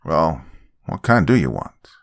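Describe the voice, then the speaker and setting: A man voicing a stern, teasing middle-aged father with a gravelly voice and a mocking manner. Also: very deep voice, sing-song, a little slow, dry recording, studio quality, full character voice. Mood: smug.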